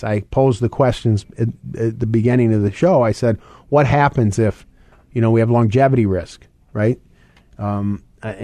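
A middle-aged man hosting a financial radio show, talking quickly and conversationally and repeating his key points. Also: mid-range voice, warm tone, no echo. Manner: fast, conversational, repeats points and phone numbers. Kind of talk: radio talk segment.

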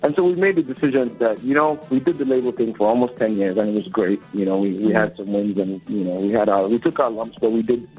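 A man's voice: on the low side, fairly even intonation, fast talker, hardly any pauses, a little mellow. A man in his forties, a record label co-founder, talking earnestly and reflectively as an interview guest. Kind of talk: casual interview talk. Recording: dull lo-fi audio with faint music.

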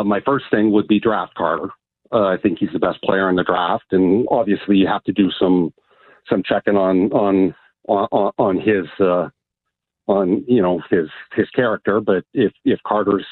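A man calling in to a sports radio show, speaking haltingly with many restarts, heard over a phone line. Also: deep voice, breathy edge, dry recording. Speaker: caller. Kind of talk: call-in radio.

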